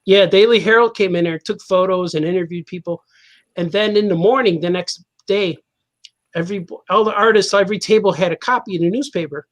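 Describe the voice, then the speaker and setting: A man's voice: sits high, fairly quick. A man, a cartoonist guest on a podcast, telling a casual anecdote, laughing often and acting out the people in his story.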